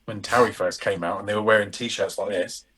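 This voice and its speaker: A man's voice: on the low side, fairly even intonation, fairly quick, a bit bright, husky. A man co-hosting a podcast in sweary, jokey casual banter. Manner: sweary, jokey, tries out accents. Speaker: podcast co-host.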